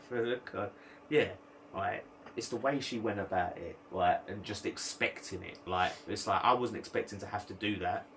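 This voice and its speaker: A man's voice: normal speed, a little hiss or hum. A man, a podcast co-host telling a story in casual chat and acting out other people's lines. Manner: animated storyteller, mimics others in high voice.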